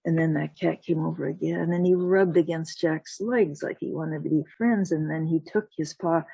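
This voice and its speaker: A woman storyteller telling a folktale slowly and deliberately, voicing the sound effects herself over a video call. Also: low-pitched, gravelly, dark tone, slightly rough, dry recording. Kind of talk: told folktale. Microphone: video call mic. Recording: dull lo-fi call audio.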